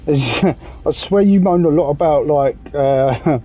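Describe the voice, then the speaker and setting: A man's voice: a little high, unhurried, slightly rough, lo-fi sound. A man in his thirties with an English accent, chatting in a rambling, jokey way while streaming a game and swearing casually. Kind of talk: casual gaming commentary.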